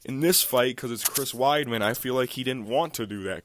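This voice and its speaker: A man's voice: lowish voice, steady tone, normal speed, hardly any pauses, a bit bright, no echo. A man hosting a casual fight recap monologue, talking in a heated, profane, ranting way. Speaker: MMA recap channel host.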